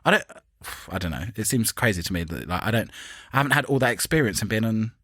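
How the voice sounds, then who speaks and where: A British man co-hosting a chatty podcast, camp and sarcastic, with quick bursts of mimicry. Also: on the low side, lively intonation, fairly bright tone, no room sound, clean studio sound. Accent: British English. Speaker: podcast co-host. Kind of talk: casual chat.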